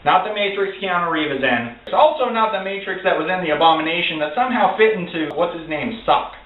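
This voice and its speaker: A man ranting through a casual film review, sarcastic, profane and excitable. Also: sits high, quick pace. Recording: tinny, echoey, far from the mic.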